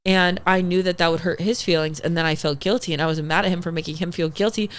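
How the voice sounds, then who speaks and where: A young woman, a podcast guest, telling stories in a casual chat, animated, swearing freely, with lots of "like" fillers. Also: fairly low pitch, quick pace, slight background noise.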